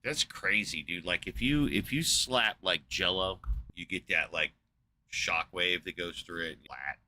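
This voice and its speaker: A man's voice: low-pitched, measured pace, bright, forceful tone, a little hiss or hum. A man hosting a podcast in casual chat, rambling and sarcastic with a lot of swearing. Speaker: podcast host.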